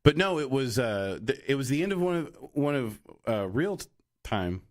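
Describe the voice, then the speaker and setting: A man's voice: medium pitch, very animated, moderate pace. Rambling man chatting on a podcast. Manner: rambling, many tangents and restarts; acts out quoted voices. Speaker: podcast co-host. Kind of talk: casual chat.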